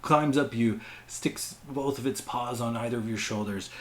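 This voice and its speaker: A man running a tabletop game as game master, narrating in a relaxed, rambling way. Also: mid-range voice, normal speed, slight background noise. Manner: relaxed, rambling, casual swearing.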